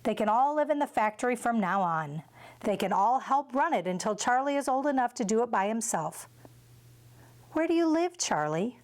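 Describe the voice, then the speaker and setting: A woman's voice: fairly high pitch, big pitch swings, moderate pace. A woman reading as an eccentric candy maker. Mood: brisk. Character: whimsical eccentric male candy maker, brisk. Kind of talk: read-aloud storybook.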